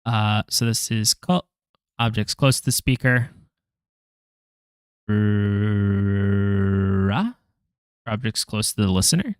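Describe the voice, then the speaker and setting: A man working through a language lesson out loud, halting, correcting himself and making wry asides. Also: lowish voice, expressive, smooth, dry recording, studio quality. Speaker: language learner vlogger. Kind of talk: thinking-aloud study session.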